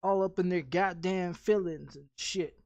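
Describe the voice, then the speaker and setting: A gaming streamer with a high-pitched voice rants casually while playing, speaking a little slowly with vocal fry and a slightly mellow tone. He swears constantly, rambles, and keeps restarting and repeating his sentences. There's no room sound.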